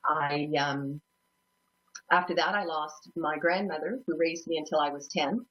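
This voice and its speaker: A woman's voice: deep voice, steady tone, unhurried, a bit bright. A woman hosting a psychic talk show, telling her own story in a rambling, self-deprecating way and laughing often. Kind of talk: personal storytelling. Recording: dull lo-fi sound.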